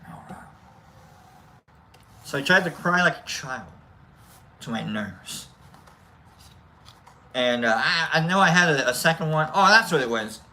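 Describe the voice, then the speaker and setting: Chatty livestream host, a man with a bright voice, rambling and self-mocking. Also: a little high, lively intonation, moderate pace, long pauses, slight background noise, rough recording. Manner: rambling, self-deprecating, jokey. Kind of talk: casual livestream storytelling.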